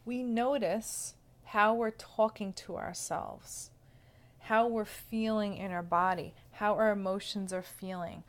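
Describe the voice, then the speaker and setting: A woman speaking as a self-love coach, explaining in a gentle, casual teaching manner and often checking in with the listener. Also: mid-range voice, steady tone, slow pace.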